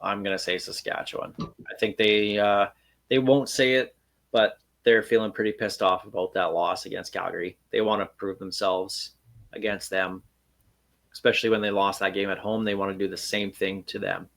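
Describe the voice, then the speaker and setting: A man's voice: on the low side, flat delivery, normal speed, gravelly, fairly bright tone. A man hosting a sports podcast, chatting casually and thinking aloud with fillers. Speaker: podcast host.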